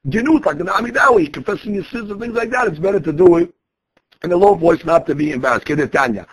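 A man's voice: sits high, expressive, fast, a little hiss or hum. A man teaching a Talmud lesson, explaining each quoted phrase and restating his points in a conversational way.

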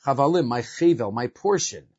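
A man's voice: medium pitch, lively intonation, moderate pace, a little mellow, husky, muffled recording. A man teaching a religious lesson, explaining and translating verses and often asking "right?". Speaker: Torah teacher.

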